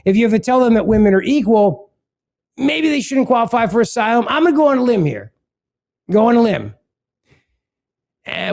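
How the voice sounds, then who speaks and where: A man hosts a political talk podcast with sarcastic commentary. He reads material aloud and breaks in with mocking asides. His voice sits high for a man. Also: dark tone. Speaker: podcast host.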